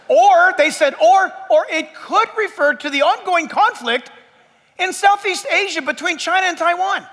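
A middle-aged male pastor preaching a sermon in an animated, joking way, with mock quotes. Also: very high voice, unhurried, long reverb tail.

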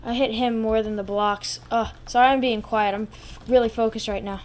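A woman giving live gameplay commentary as a channel host, excitable and full of exclamations, muttering to herself between bursts. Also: on the high side, moderate pace, a little hiss or hum.

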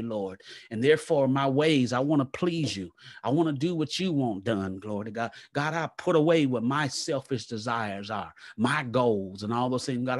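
A man preaching a live church sermon, fervent and repetitive, praying aloud between points and swinging from a low murmur to loud exclaims. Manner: fervent, repeats "come on now" and "glory to God". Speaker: pastor.

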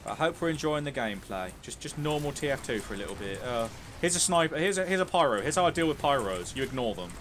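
A man's voice: mid-range voice, animated, fast, hardly any pauses, a bit bright, slight background noise. Sweary young man streaming. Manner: sweary, joking, chatty. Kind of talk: casual gameplay commentary.

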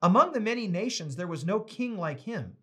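His high voice is husky and a bit bright, and he's expressive and fairly quick as he leads a casual Bible study. The American teacher reads passages aloud and tells chatty, anecdotal stories between them.

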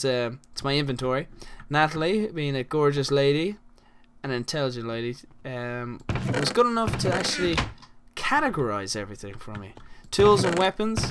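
A man's voice: a little high, background noise. An Irish man giving casual, rambling commentary while playing a game, full of crude jokes and asides. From Ireland. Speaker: gaming channel host.

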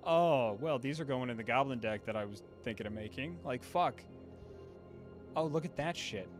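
A man streaming a card game, cursing and raving about the art in a casual, excitable way. A game soundtrack plays clearly under his voice. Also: medium pitch, moderate pace, over music. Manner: excitable, profane, gushing over card art. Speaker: streamer host.

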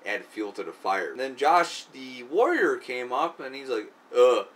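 A man's voice: mid-range voice, very animated, moderate pace, fairly bright tone. A man telling a long personal story in casual, profane, rambling speech full of fillers. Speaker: video creator. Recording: distant mic, faint background noise.

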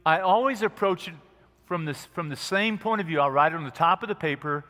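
A man preaching a sermon as pastor, earnest and gentle, dropping to a soft hush at quiet moments. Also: on the high side, a little fast. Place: church sanctuary. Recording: long church hall reverb.

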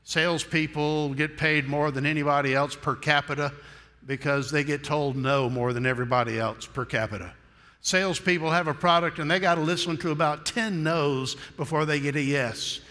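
A man's voice: fairly high pitch, fairly even intonation, normal speed, pushed and bright, big-room sound. A man preaching a sermon in a folksy, humorous storytelling manner.

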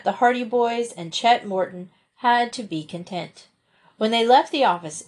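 A woman reading a children's book aloud in steady storybook narration. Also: mid-range voice.

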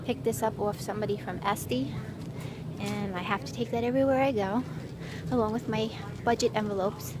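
A woman's voice: mid-range voice, fairly even intonation, a little fast, background noise. A middle-aged woman chatting casually as she films her shopping trip, walking and talking through the stores, her car and her home. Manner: chatty, walks and talks while shopping. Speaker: vlogger.

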